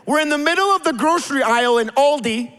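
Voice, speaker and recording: A man in his forties preaching a sermon, telling stories in an animated way and building to emphatic calls. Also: very high-pitched, fast, long reverb tail. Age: 40s. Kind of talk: sermon with storytelling.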